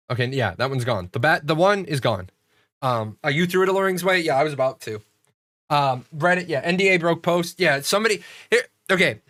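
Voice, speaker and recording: Streamer guy from the us ranting and swearing, kinda high voice, super dry close mic. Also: a bit bright, no room sound. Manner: profane, ranting storyteller; rambling with frequent restarts. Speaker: streamer hosting a game community show. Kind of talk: casual livestream chat.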